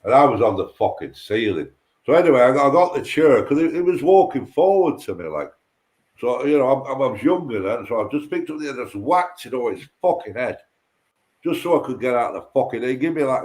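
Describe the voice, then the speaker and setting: A man's voice: mid-range voice, very animated, fairly quick, a little mellow. A man, a guest in a casual chat, telling a rambling, sweary story about a pub fight. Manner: rambling, heavy swearing, acts out quoted voices.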